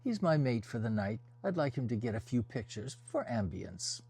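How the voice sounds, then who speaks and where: A man's voice: mid-range voice, big pitch swings, normal speed, gravelly, a little mellow, husky, heavily acted. A man reading an audiobook, voicing a stylish, confident young man about town who speaks breezily.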